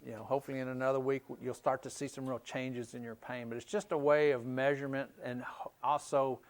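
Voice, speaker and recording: A middle-aged man giving a conference talk in a hall, folksy and anecdotal, in a conversational tone. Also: mid-range voice. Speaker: conference speaker. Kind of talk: conference lecture with slides.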